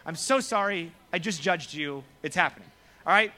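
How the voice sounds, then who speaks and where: Animated young pastor, bright lively voice. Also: male voice, on the high side, moderate pace. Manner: lively, joking, acts out quoted voices. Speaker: youth pastor. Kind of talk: casual sermon to students.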